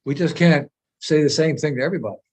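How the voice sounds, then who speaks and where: Man, fairly high voice, spiritual teacher, informal talk, earnest, repeats himself mid-thought. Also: fast, darkish tone, breathy edge. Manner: earnest, explanatory, repeats phrases while searching for words. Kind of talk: informal spiritual discussion in a meeting.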